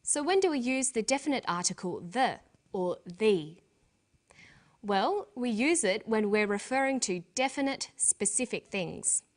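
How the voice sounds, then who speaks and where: A woman presenting a scripted English lesson, explaining grammar clearly and deliberately, slowing down for example words. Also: medium pitch.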